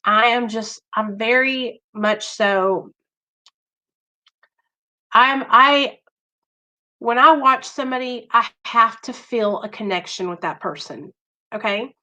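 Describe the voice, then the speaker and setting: A woman's voice: fairly high pitch, takes it slowly, pauses often, sharp tone, rough recording. A woman chatting casually on a livestream, reading out viewer names and talking earnestly and emphatically. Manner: talks straight to viewers, reads chat names, earnest and emphatic. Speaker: livestream host.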